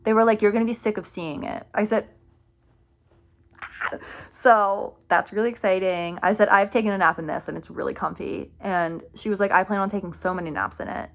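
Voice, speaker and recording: Excited rambling young woman storyteller. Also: mid-range voice, brisk. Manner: excited, rambling, many fillers and "like"s, laughs often. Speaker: vlogger telling a fan story. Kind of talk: casual storytelling vlog.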